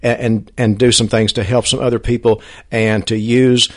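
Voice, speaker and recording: A man's voice: medium pitch, flat delivery, normal speed. A man co-hosting a live show, explaining things in a supportive way. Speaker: show co-host. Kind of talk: casual live show talk.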